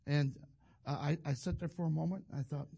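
A man's voice: a little high, fairly quick, gravelly, warm tone, husky. An older man, a pastor telling a rambling, folksy story in a sermon. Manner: rambling, folksy, self-interrupting.

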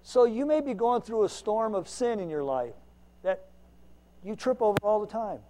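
A man preaching a folksy, self-mocking sermon, swinging between loud emphasis and quiet asides. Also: sits high, lively intonation, moderate pace, slight background noise. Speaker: lay preacher.

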